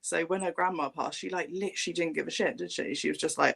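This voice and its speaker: Blunt man with a gravelly voice. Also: fairly high pitch, quick pace, bright, forceful tone, a little hiss or hum. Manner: blunt, says "like" constantly. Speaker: livestream host. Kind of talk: casual panel chat.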